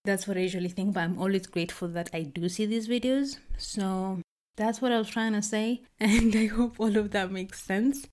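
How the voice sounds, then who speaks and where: A woman's voice: mid-range voice, normal speed, darkish tone, a little hiss or hum. A young woman hosting her own podcast in a casual, rambling way, often stopping to rephrase herself, recorded indoors at a relative's house. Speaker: podcast host. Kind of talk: casual solo podcast chat.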